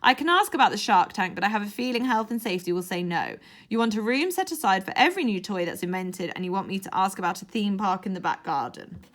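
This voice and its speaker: A man's voice: sits high, expressive, fast talker, a bit bright. A woman voicing a formal, harried male government aide who speaks politely and properly.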